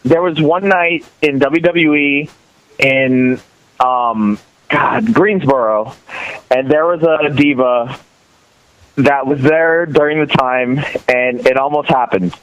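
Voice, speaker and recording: A middle-aged man talking as a podcast guest in casual chat, telling rambling, animated stories full of restarts. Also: medium pitch, takes it slowly, dull audio.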